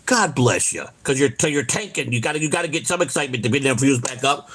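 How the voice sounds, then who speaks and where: A man's voice: medium pitch, lively intonation, fast talker, a bit bright, husky. A middle-aged man hosting an online show, ranting in a rambling, profane, heated way. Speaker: host. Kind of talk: casual ranting chat.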